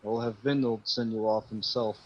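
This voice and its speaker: A man playing his character in a tabletop game, calm and measured. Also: fairly low pitch, a little hiss or hum. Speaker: player. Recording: dull lo-fi audio.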